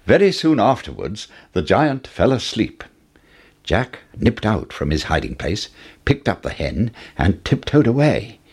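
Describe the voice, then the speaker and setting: A man narrating a children's fairy tale, measured and expressive, building suspense. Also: fairly low pitch, slightly rough. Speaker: storyteller.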